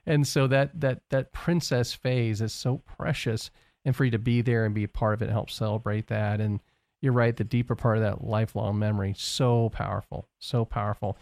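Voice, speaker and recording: A man hosting a talk show in a studio, reflective and animated, often checking that he understood. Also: fairly low pitch, moderate pace, dry recording. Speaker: radio show host. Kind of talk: interview conversation. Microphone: studio microphone.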